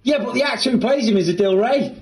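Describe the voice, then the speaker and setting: A man's voice: very high-pitched, quick pace. Joking man. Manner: joking, self-mocking banter. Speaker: actor guest. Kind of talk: casual chat. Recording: roomy room with crowd chatter.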